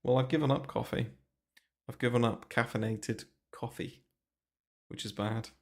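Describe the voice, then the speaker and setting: At a moderate pace and steady tone, a man with a mid-range voice rambles through casual market commentary on a crypto trading livestream. He's full of fillers and casual swearing, talking into a desk mic pulled close to his mouth inside a small bare room.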